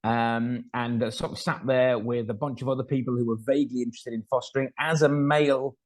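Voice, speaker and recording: A man's voice: medium pitch, flat delivery, fairly quick. Chatty middle-aged man telling stories. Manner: chatty and self-deprecating, acts out dialogue, frequent fillers. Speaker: foster carer telling his story. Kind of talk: anecdotal storytelling talk.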